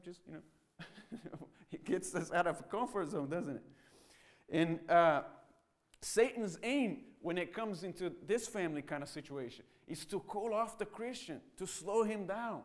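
A man preaching a sermon, who talks in a lively way and acts out the mocking voices of other people. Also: high-pitched, a little slow. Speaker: pastor. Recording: church sermon audio.

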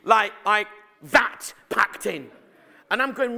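Animated man preaching a sermon. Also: high voice, slow pace, creaky. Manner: storytelling, animated, chatty with the congregation.

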